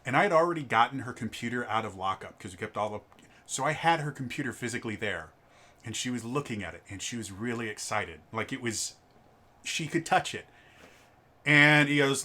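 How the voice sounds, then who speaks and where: Bright, animated young man telling a story. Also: mid-range voice, fairly quick. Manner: animated, lively storytelling with restarts. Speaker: storyteller, former retail tech manager. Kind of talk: casual anecdote.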